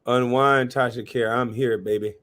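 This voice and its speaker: A man hosting a live reaction stream, talking animatedly, cursing and giving shout-outs to his chat. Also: mid-range voice, fairly even intonation, normal speed. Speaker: livestream reaction host.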